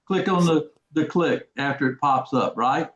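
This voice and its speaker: A man's voice: fairly high pitch, unhurried, a bit bright. A man hosting a casual live trading webinar, folksy and repetitive, who quizzes his audience. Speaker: trading course host. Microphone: video call. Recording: echoey, dull lo-fi audio.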